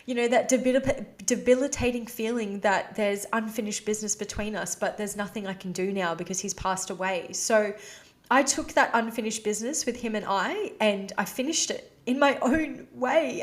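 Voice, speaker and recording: A woman's voice: mid-range voice, moderate pace. A woman hosting her own podcast, talking candidly and emotionally in a casual, heartfelt way, with "you know" and "like" scattered through her speech. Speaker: podcast host. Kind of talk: personal confessional podcast talk.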